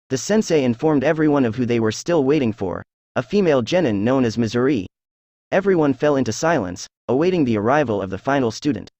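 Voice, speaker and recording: A man reading fan fiction aloud as narrator, in a steady, even storytelling voice. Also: mid-range voice, no echo.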